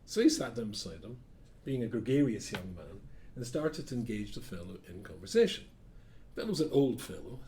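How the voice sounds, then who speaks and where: A man's voice: medium pitch, darkish tone, slight background noise. A man giving an informal Torah class as a rabbi, a rambling storyteller who keeps correcting himself and drops dry asides.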